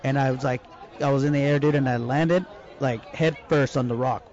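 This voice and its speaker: Brief: quick, rambling male storyteller, swears a lot, muffled lo-fi sound. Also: mid-range voice, steady tone, a little mellow, a faint crowd. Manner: rambling, profane storyteller with Spanish slang. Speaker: podcast co-host telling a story. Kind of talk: casual chat.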